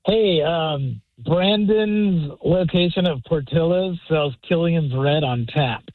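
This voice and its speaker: A casual male caller chatting with a radio host. His voice is a little high and comes through a narrow phone line. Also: takes it slowly, no room sound. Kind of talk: call-in chat.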